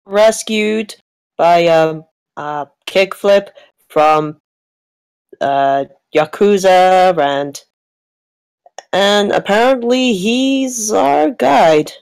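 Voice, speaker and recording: A woman's voice: mid-range voice, drawn-out words, vocal fry, pauses often, a little mellow, clear, resonant tone. A woman playing in a tabletop game, speaking casually and hesitantly. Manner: hesitant, apologetic. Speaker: player.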